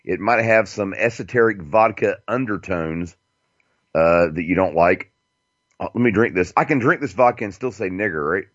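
A man's voice: sits low, expressive, moderate pace, fairly bright tone, no room sound, muffled recording. A man hosting a casual internet radio show, rambling and profane, with frequent fillers and chuckles.

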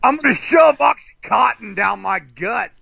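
A man's voice: very high voice, lively intonation, unhurried, creaky, pushed and bright. A man guesting on a casual radio talk show, mocking and profane, often slipping into silly voices. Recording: dull, dry lo-fi line.

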